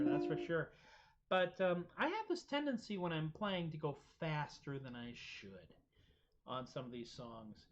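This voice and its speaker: A man's voice: fairly high pitch, lively intonation, unhurried. Chatty self-deprecating man over guitar. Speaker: singer-songwriter host of a live-streamed music show. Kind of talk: casual chat between songs on a livestream. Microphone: streaming setup microphone. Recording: dull lo-fi stream audio with loud guitar. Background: acoustic guitar playing.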